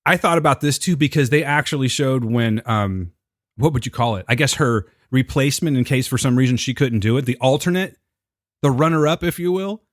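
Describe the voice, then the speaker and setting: A man co-hosting a podcast in casual, joking chat with quick asides. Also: mid-range voice, dry recording, studio quality. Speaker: podcast co-host.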